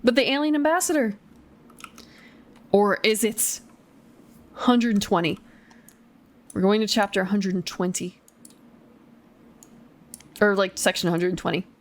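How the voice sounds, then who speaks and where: A woman's voice: medium pitch, unhurried, long pauses. Giggly young woman streamer reading aloud. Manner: chatty, giggly, self-deprecating asides. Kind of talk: casual streamed read-aloud of a gamebook.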